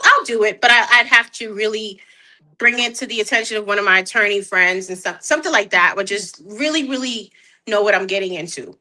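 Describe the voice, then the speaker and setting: A woman, a guest artist chatting in an interview, animated and laughing often, repeating words as she talks. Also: mid-range voice. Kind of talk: casual interview chat.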